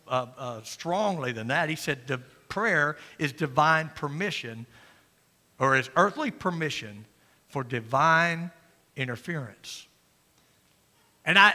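An older man delivers a folksy, joking sermon. His voice sits high and rings bright. It echoes with the long reverb of a church sanctuary. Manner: folksy, joking, swings from loud preaching to quiet asides. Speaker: pastor.

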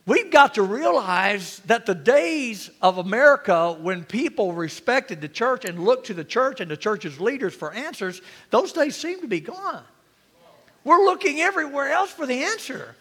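Animated high-pitched preacher man. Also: unhurried, breathy edge, long reverb tail. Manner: animated preaching with rhetorical questions and calls for amen. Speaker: pastor. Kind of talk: sermon.

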